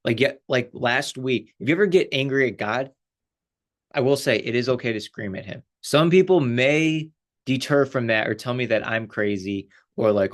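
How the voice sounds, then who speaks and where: A man, a life coach, giving a casual, animated spiritual talk with lots of fillers and frequent laughter. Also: mid-range voice, normal speed.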